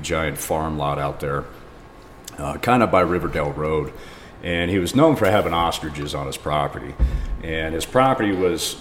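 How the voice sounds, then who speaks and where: A man guesting on a podcast, telling a rambling story casually and often laughing. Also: extremely low pitch. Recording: reverberant room with faint noise.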